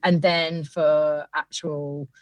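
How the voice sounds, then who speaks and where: A woman's voice: low voice, flat delivery, extremely slow, no echo. A woman guest copywriter chatting casually on a podcast, rambling with lots of fillers.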